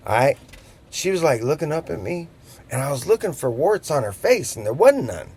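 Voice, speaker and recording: Husky fiftysomething guy rambling thru a story, lots of jokey side-tracks, bouncy pitch. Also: sing-song, moderate pace, darkish tone. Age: 50s. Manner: chatty, digressive, jokey asides. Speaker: vlogger. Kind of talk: rambling anecdote, casual storytelling. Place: on a boat.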